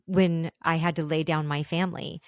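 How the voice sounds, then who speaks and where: A woman co-hosting a faith podcast, speaking calmly and reflectively. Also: sits low, normal speed, no echo, studio quality. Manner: calm and reflective, with some fillers. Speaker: podcast co-host. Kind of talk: casual faith podcast chat.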